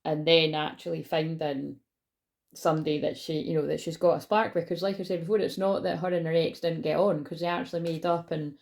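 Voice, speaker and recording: A woman's voice: sits low, fairly even intonation, brisk, vocal fry, a little mellow. A woman giving a casual tarot reading on her vlog, rambling and chatty, swearing casually and often losing her train of thought, recorded on a phone. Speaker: tarot reader.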